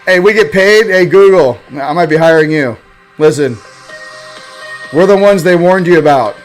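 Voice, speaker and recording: A man hosting a spiritual livestream in casual chat, rambling and joking and swinging between loud bursts and quiet asides. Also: on the high side, normal speed, soft background music.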